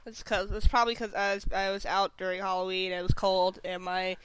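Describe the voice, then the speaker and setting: A smooth, clear voice recorded dry and close, belonging to a young podcast co-host. The co-host is sick with a runny nose and a cough and talks haltingly, filling the gaps with "um". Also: mid-range voice, level tone, fairly bright tone, no echo. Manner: halting, with many "um"s. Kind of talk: casual chat.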